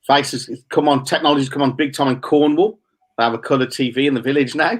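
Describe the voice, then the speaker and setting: A man's voice: mid-range voice, a little fast. A middle-aged man, hosting a casual chat and joking around. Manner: teasing, jokey. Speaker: host.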